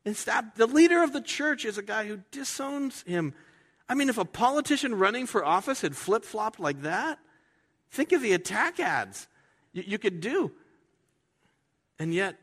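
A man preaching a sermon as pastor, talking in a conversational way and acting out quoted voices with sudden jumps in pitch. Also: a bit bright. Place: church sanctuary. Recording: reverberant hall.

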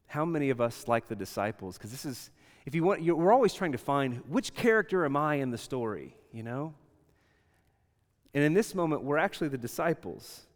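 A man preaching a sermon, animated, acting out quoted voices and dropping from loud to hushed. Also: medium pitch, in a large hall. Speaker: pastor.

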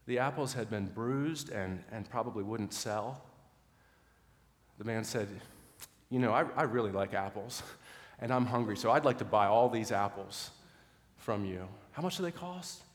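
A middle-aged man preaching a sermon, telling a story earnestly, often restarting words and dropping to a soft voice in quiet moments. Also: on the low side, moderate pace. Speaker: pastor. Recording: long hall reverb.

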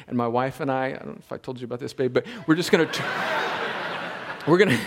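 A man, preaching a sermon as a pastor. He builds to emphatic peaks and then drops into quieter, conversational asides. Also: mid-range voice, fairly quick, pauses often, slight background noise. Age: 40s. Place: church sanctuary.

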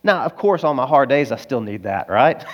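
A male pastor with an Arkansas accent, preaching a sermon in an earnest, confessional storytelling manner that rises to loud, emphatic peaks. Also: medium pitch, very animated, moderate pace, dull audio.

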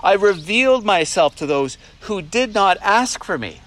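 A man's voice: high-pitched, expressive, measured pace, a bit bright. A middle-aged man preaching an expository sermon, emphatic, often asking rhetorical questions and dramatizing the text. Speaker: pastor.

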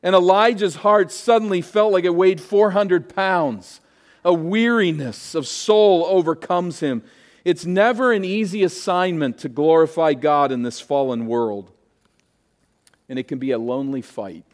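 A pastor preaching a sermon, moving from emphatic peaks down to quieter, hushed asides. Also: male voice, high-pitched, measured pace.

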